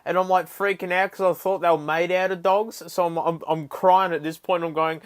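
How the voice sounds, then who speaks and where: A man's voice: on the high side, fairly quick, few pauses. An Australian man telling an absurd story in a rambling comic monologue, full of "like" and "mate". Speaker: comedian.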